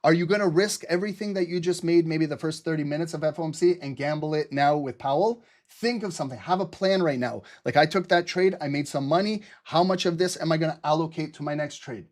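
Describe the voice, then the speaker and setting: Excited guy calling trades live on stream, kinda high voice, laughs a lot, swears. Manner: excited, fast-talking, laughs often, swears casually. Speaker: livestream trading host. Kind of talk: live trading commentary.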